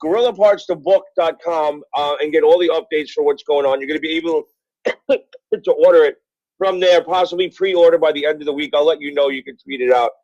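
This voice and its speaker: A guest author from Brooklyn, New York, middle-aged, talks a little fast in a fairly high, slightly mellow voice. He tells meandering, foul-mouthed stories full of fillers during a casual phone interview, and the dull audio carries no echo.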